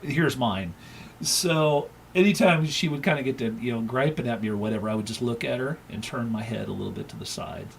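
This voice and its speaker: Middle-aged man hosting a market livestream. He tells a loose, rambling anecdote with lots of "uh"s and laughs in an easygoing conversational way. Faint noise sits behind his voice, and his pitch is in an average male range. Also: a little fast, creaky, rough recording. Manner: rambling storyteller, frequent fillers and laughter. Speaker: crypto market analyst and stream host. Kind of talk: casual livestream chat with anecdote.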